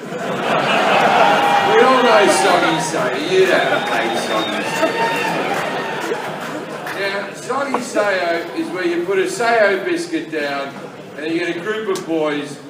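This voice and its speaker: An Australian man with a high voice tells crude stories as a stand-up comic, dropping to mutters and then bursting out loud. He was picked up from far off in an echoey club. A loud crowd and heavy noise sit under the whole set. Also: wildly swooping pitch, slow, pauses often. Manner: crude, storytelling, swings between low mutters and loud outbursts. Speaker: stand-up comedian. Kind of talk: stand-up comedy routine. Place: comedy club stage.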